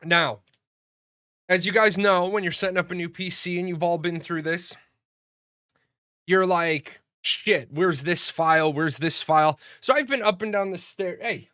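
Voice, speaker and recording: On a casual livestream, a man tells meandering stories full of profanity and frequent restarts. His voice sits high, smooth with a sharp edge, at a moderate pace broken by long pauses. It's a clean studio recording without echo.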